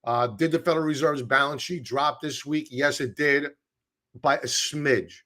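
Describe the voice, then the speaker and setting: A man's voice: fairly high pitch, fairly even intonation, normal speed, bright, forceful tone. Man, live-stream host, casual market commentary, sarcastic asides. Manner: chatty and sarcastic, with frequent asides and apologies.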